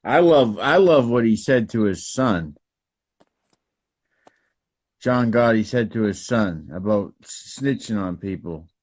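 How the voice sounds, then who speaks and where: A man co-hosting a podcast, chatting casually in a laid-back, unhurried way. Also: on the low side, lively intonation, a little mellow. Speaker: podcast co-host. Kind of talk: casual chat. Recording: dull lo-fi recording.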